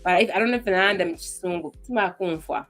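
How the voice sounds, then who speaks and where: A woman's voice: lowish voice, fast talker, fairly bright tone, soft background music. A mother on a talk show panel chatting about her children, playing out their requests in little voices. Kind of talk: casual chat.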